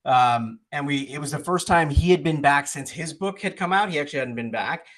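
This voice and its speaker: A man's voice: on the high side, a little fast, fairly bright tone. A man, an author in an interview, telling a story in a casual, conversational way, with many fillers and restarts.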